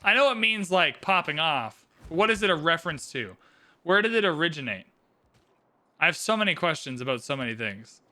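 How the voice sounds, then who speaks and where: A man commentating a live game stream, excitable and theatrical, swinging from shouts to mumbled asides. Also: on the high side, brisk. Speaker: livestream host commentating an AI game tournament.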